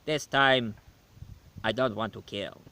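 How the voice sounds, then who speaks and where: A man playing Dracula, a male vampire who is tired of killing, giving a slow, rambling video game review in character. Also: on the low side, bright, forceful tone, exaggerated voice. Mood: weary. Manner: slow, rambling, self-correcting.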